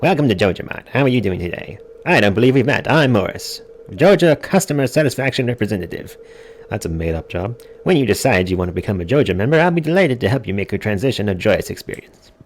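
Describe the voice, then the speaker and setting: A man's voice: big pitch swings, quick pace, a little hiss or hum. Man playing a game's salesy store rep, chipper and slick. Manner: overly cheerful sales pitch. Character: chirpy male corporate store greeter, salesy.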